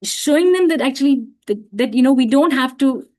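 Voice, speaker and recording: A woman with a fairly high voice speaks gently and reflectively, explaining her ideas at an easy pace. She often says "you know" and restarts her sentences as she thinks aloud. She sounds like she is speaking over a video call. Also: expressive, fairly quick. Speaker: parenting talk speaker. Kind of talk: online parenting talk.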